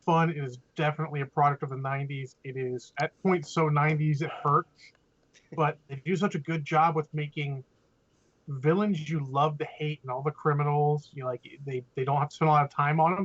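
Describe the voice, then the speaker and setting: A man's voice: a little high, fairly quick, muffled recording. A man hosting a podcast, chatting casually and jokingly about a movie he watched. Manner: animated, jokey movie reviewing. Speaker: podcast host. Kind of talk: casual chat.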